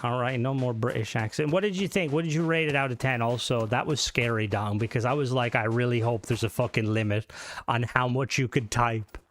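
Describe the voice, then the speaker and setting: Talking fairly quickly in a mid-range voice, a man reviews game mods on a live stream. His chat is loose and profane, full of rambling jokes, and he hums or sings to himself between comments.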